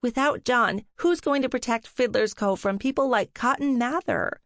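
A woman's voice: fairly high pitch, normal speed, a bit bright, no echo, studio quality, voice pushed up. A woman voicing an anxious, impulsive teenage girl apprentice witch in an audiobook, sounding whiny and pleading.

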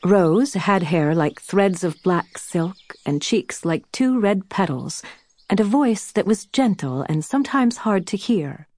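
Slow, gentle woman narrating an audiobook. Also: mid-range voice, lively intonation, dry recording. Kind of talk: scripted storybook narration.

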